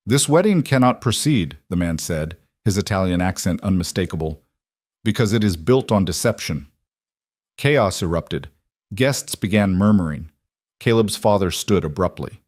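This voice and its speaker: A man narrating a scripted romance story in an even, steady delivery. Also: low voice, no room sound, studio quality.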